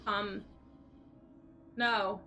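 A woman's voice: mid-range voice, level tone, drawn-out words, pushed and bright, soft background music. A young woman streaming a game, chatting playfully and greeting her viewers. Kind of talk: casual live-stream chat while gaming.

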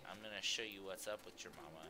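Man, low-pitched, live gameplay commentary, profane, trash-talking, angry outbursts. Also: fast, crowd noise. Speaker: streamer.

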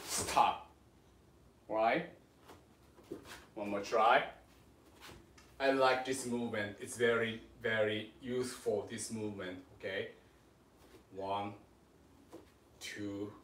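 A man with a Japanese accent leads a livestreamed sword lesson from home. He talks haltingly, with many fillers, coaching and reassuring his students. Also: lowish voice, steady tone, a bit bright, a little hiss or hum. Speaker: sword instructor.

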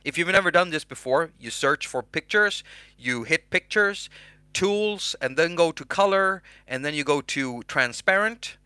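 Bright-voiced man joking through a tutorial. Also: a little high, lively intonation, a little slow, clear, resonant tone, no echo. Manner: joking, self-mocking, chatty. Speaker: host. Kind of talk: casual software tutorial.

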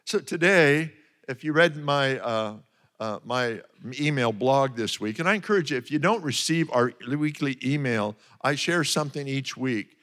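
A man's voice: mid-range voice, expressive, normal speed, fairly bright tone. A man preaching a sermon, praying fervently and then telling a Bible story, repeating words as he goes. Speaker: pastor. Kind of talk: sermon with prayer.

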